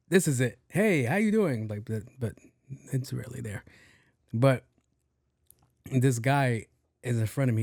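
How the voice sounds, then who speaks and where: A man's voice: mid-range voice, mellow, no echo, studio quality. A young man hosting a podcast, telling a story casually in a blunt, exasperated way with plenty of swearing. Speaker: podcast host.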